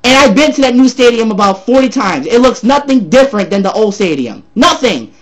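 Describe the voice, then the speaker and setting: High, animated ranting man. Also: a little fast. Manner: loud, profane, repetitive ranting. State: slightly sore voice from yelling. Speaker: sports ranter. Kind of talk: angry sports rant vlog.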